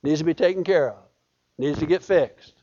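A man's voice: on the high side, normal speed, mellow, lo-fi sound, slight background noise. A man preaching a sermon in a folksy, emphatic way, often repeating his phrases. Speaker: pastor.

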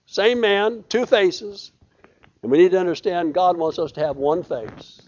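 A man's voice: a little high, dull audio. A man preaching a sermon in a folksy, emphatic way, often repeating his phrases. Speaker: pastor.

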